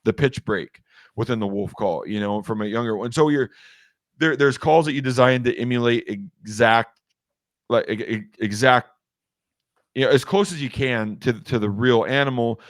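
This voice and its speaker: A man's voice: mid-range voice, moderate pace, no room sound. Rambling man in a dry room. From Washington state. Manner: rambling, many restarts and fillers. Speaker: guest, game call maker. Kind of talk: casual interview chat.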